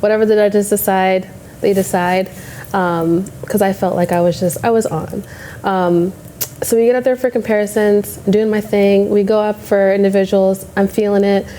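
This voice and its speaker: A woman's voice: medium pitch, fairly even intonation, normal speed, mellow, a little hiss or hum. A young adult woman, a bodybuilding competitor, telling a story casually and acting out her own past thoughts.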